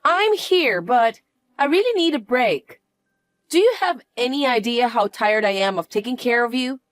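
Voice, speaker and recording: A harsh, scornful young daughter-in-law, voiced by a woman in a narrated family drama, pitched fairly high with a lively, swinging delivery. The voice is dry and close, with faint music underneath. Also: normal speed, no echo, close to an everyday voice.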